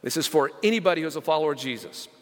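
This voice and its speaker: A male senior pastor preaching a sermon, stressing scripture slowly and calling out to the congregation. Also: on the high side, lively intonation, a bit bright, in a large hall. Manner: emphatic, slows down to stress scripture; engages congregation with call-outs.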